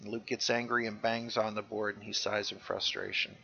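A man's voice: fairly low pitch, normal speed, vocal fry, husky, dry recording, muffled recording. A man co-hosting a casual podcast, animatedly retelling scenes and quoting lines. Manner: animated, jumps into character voices when quoting. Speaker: podcast co-host recapping a show.

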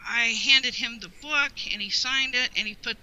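Bright-voiced woman telling a heartfelt story. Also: fairly high pitch, normal speed, clear, resonant tone, low-quality recording. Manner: heartfelt, rambling with frequent "you know". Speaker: guest, longtime fan. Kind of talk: personal storytelling in an interview.

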